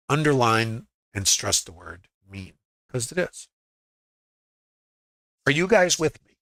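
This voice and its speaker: A man in his sixties, a futures trading educator, gives live trading commentary to his viewers in a conversational way, thinking aloud with rhetorical questions and often checking they're following. His voice is mid-range and sharp, with no echo, on a low-quality recording.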